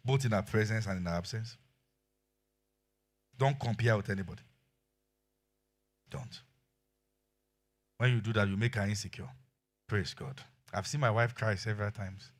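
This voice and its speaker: A middle-aged man with a Nigerian accent preaching a sermon, shifting between quiet asides and loud exclamations. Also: mid-range voice. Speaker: pastor.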